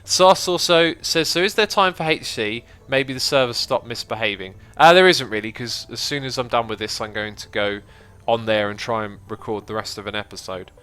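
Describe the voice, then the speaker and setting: A man hosting a gaming livestream in a casual, chatty way, reading viewer messages aloud and thinking out loud as he explains. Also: mid-range voice, normal speed, clean tone. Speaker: livestream host.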